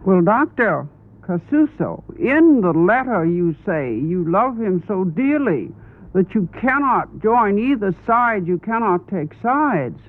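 A woman's voice: medium pitch, sing-song, slow pace. A woman journalist on a panel, pressing the guest with pointed questions. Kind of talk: televised panel interview. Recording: tinny archival broadcast audio.

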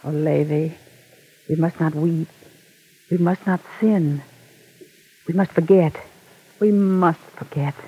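A woman playing a tender, grieving mother comforting her son in a radio drama, soft and soothing. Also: deep voice, fairly even intonation, slow, long pauses, breathy edge, exaggerated voice. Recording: tinny phone-like old recording.

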